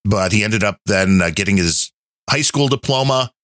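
A man's voice: lowish voice, animated, moderate pace, a bit bright, no echo, clean studio sound. A man hosting a podcast, chatting in a rambling, conversational way. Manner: rambling, conversational, many fillers. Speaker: podcast host. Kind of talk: casual chat.

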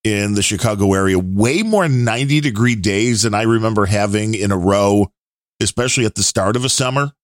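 A man hosting a casual talk show, chatting in an opinionated way with fillers and pauses. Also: fairly low pitch, no echo, studio quality. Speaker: podcast host. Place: Chicago area.

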